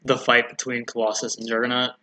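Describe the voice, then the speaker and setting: A man's voice: medium pitch, completely flat delivery, fast talker, bright, forceful tone. Man chatting eagerly about a movie. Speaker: podcast co-host. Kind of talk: casual movie review chat.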